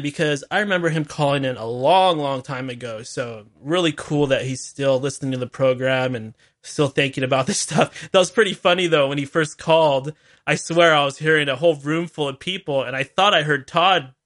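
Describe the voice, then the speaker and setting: A man's voice: fairly high pitch, normal speed, a bit bright. A man hosting a call-in talk radio show, rambling and chatty with laughing asides.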